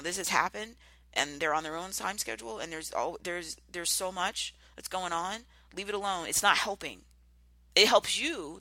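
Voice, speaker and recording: A man hosting an advice podcast, speaking earnestly and pleading with listeners, at times murmuring softly to demonstrate. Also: a little high, gravelly, no echo, poor audio. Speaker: podcast host. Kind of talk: advice monologue.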